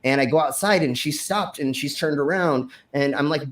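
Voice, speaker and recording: A man's voice: fairly high pitch, normal speed, hardly any pauses. Rambling, profane man telling a story. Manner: rambling, profane, lots of fillers and restarts; acts out his own shouted lines in the story. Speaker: stream host. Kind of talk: casual storytelling.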